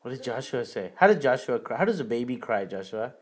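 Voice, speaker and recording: A young father at home, patiently quizzing his toddler with simple questions and giving warm praise. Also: medium pitch, very animated, quick pace. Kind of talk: home video, casual parent talk.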